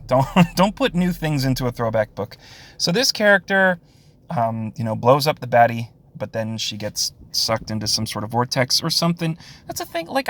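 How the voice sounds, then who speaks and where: A man's voice: mid-range voice, fairly bright tone. A man giving a casual spoken review of a comic book, sarcastic, with frequent sighs, short laughs and fillers.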